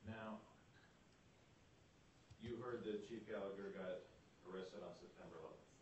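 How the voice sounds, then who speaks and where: A man interviewing, firing brisk, pointed questions and saying okay between answers. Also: low voice, a little mellow, a little hiss or hum. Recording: roomy audio from a distance.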